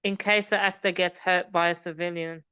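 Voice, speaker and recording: Smooth-voiced co-host on dull lo-fi audio. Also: mid-range voice, level tone, normal speed, sharp tone, dry recording. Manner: short interjections, hesitant starts. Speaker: podcast co-host. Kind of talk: casual chat. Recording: dull lo-fi dry sound.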